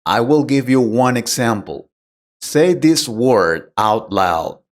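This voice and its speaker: With a medium-pitched voice, lively intonation, and a slow pace, a male English teacher walks a learner through pronunciation. He explains things simply and patiently and asks the learner direct questions.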